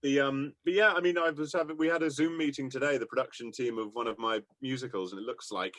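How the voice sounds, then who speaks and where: A man's voice: mid-range voice, fairly even intonation, quick pace, fairly bright tone, dry recording. A man telling enthusiastic, rambling anecdotes about his music career in a casual interview, laughing often. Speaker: musician guest.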